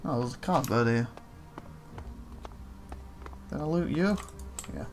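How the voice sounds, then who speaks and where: Gamer, gravelly voice, chatty running commentary with sudden excited yelps. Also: medium pitch, soft background music. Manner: chatty, talks to game characters, quick excited outbursts. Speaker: let's play gamer. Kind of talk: casual gameplay commentary.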